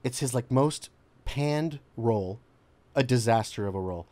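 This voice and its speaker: A man's voice: medium pitch, lively intonation, normal speed, a little mellow, no echo. Chatty man, dry close mic. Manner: rambling, filler-heavy, laughs easily. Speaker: co-host reviewing a game. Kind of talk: casual chat.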